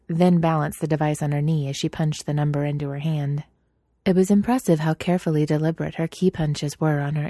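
A woman narrating a story in a steady, even reading voice. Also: sits low, no echo, clean studio sound.

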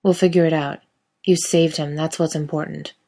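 A woman's voice: deep voice, level tone, moderate pace, creaky, warm tone. A woman voicing Dean, a protective adult man and older brother, speaking in terse, exasperated bursts in a read-aloud story. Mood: reassuring.

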